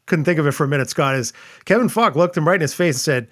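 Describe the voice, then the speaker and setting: Higher-voiced man recalling earnestly. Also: lively intonation, fast talker, fairly bright tone, dry recording, studio quality. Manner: earnest, stumbles and restarts as he recalls. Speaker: podcast guest. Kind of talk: casual chat.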